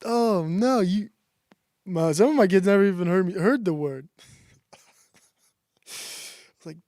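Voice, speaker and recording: A man in his thirties hosting a stream, giving a sarcastic, deadpan satirical monologue that rambles with restarts and swearing. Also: high-pitched, slow, long pauses, dry recording, studio quality. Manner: rambling, loose delivery with restarts. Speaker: stream host.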